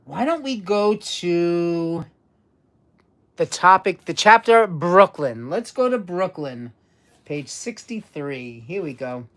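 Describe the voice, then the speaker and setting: A woman's voice: on the low side, lively intonation, slow pace. A woman hosting a casual live-stream trivia quiz, chatty and repeating herself as she talks to viewers. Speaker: livestream trivia quiz host.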